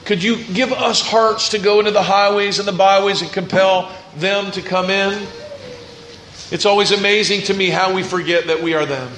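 A man's voice: sits high, steady tone, moderate pace, fairly bright tone, a little hiss or hum. A man preaching a sermon as pastor, earnest, with rising and falling intensity. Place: church sanctuary. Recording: echoey church room.

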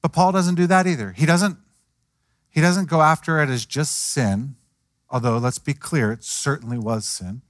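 Higher-voiced man preaching conversationally. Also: normal speed, no echo, clean studio sound. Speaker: pastor. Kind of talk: sermon.

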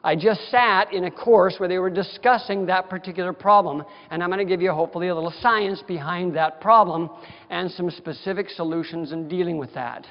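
A man's voice: high voice, a little fast. A man giving a continuing-education lecture to dentists, folksy, direct and emphatic in manner. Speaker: dental lecturer. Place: lecture hall. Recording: dull sound with long hall reverb.

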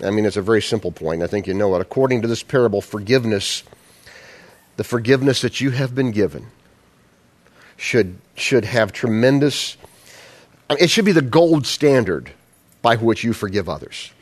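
A man's voice: fairly low pitch, animated, normal speed, pauses often. A man preaching a sermon in a conversational style, asking the congregation rhetorical questions. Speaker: pastor.

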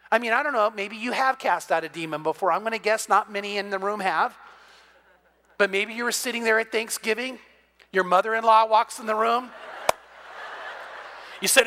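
A middle-aged man preaching a sermon as pastor, animated and acting out dialogue as he teaches. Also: high-pitched, brisk.

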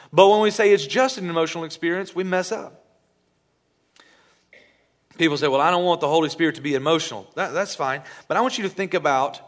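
A man preaching a sermon in church as pastor, animated and playful, acting out little scenes. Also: on the high side.

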